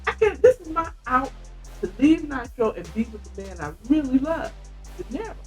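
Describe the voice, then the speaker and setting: A woman doing a scheming young woman thinking out loud about her way out, in a comic book recap. The voice sits high and pointed and swings with big jumps. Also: big pitch swings, normal speed, soft background music. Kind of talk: comic retelling of a book scene.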